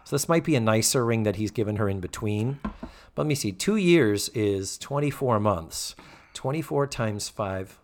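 A man in loose conversation on a podcast, walking through a TV episode scene by scene. He talks in an animated way and lifts his voice to play out the characters' lines. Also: on the low side, normal speed, a little hiss or hum. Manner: animated, acts out quoted lines in a raised voice. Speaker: podcast co-host. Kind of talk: casual chat recapping a TV episode.

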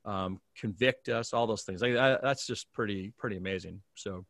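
Guy pastor telling a story on a call, acts out every line, voice jumps high then drops, dry close sound. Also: moderate pace, vocal fry, dry recording. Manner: animated storyteller, acts out dialogue with big jumps in pitch and volume. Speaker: pastor, guest. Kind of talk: storytelling in a remote conversation.

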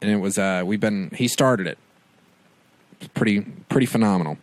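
A man casually retelling a film's plot as a reviewer, rambling and animated with lots of fillers. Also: on the low side, normal speed, no room sound. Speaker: movie reviewer. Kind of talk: casual spoiler recap of a film.

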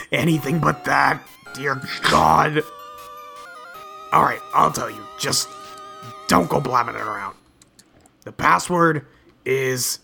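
A man's voice: mid-range voice, gravelly, pushed and bright, exaggerated voice. A man voicing an irritable, exasperated teenage troll boy while reading game dialogue. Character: grumpy shouty teen troll boy.

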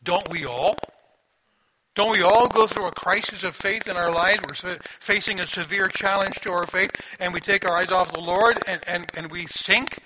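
A man preaching a sermon in a conversational, animated storytelling manner, asking the listeners questions. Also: sits high, normal speed. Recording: audible background noise.

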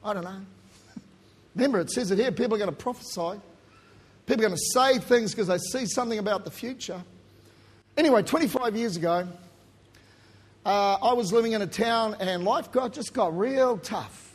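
A pastor in middle age, clearly from New Zealand by his accent, weaves a personal story into his sermon at a moderate pace, pausing often. His voice is husky and breathy, pitched fairly high for a man, and he swings between loud emphasis and soft asides.

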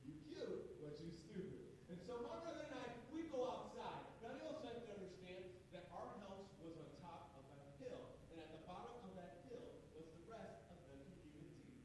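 A young man telling a dramatic, animated story in a sermon to a large audience in a church hall. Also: high-pitched, brisk, few pauses, noisy background. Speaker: preacher. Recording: long hall reverb.

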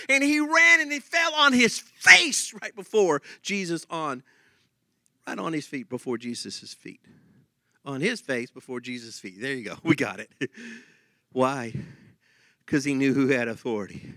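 A man's voice: a little high, expressive, measured pace, bright, forceful tone, dry recording, studio quality. A man preaching a sermon as pastor, telling a story animatedly, laughing often and acting out the scenes.

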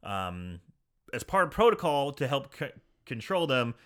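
A man co-hosting a casual chat, retelling a film scene with animated storytelling, acting out the characters' lines. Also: medium pitch, a little slow. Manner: animated storytelling, acting out quoted lines, frequent laughs and swearing. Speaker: podcast co-host recapping a film.

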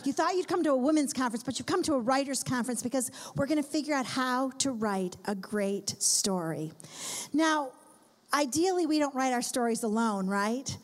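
High-voiced woman preaching emphatically. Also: animated, moderate pace. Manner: emphatic, repetitive lists, talks to the audience. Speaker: conference speaker. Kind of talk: sermon. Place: conference hall before a live audience.

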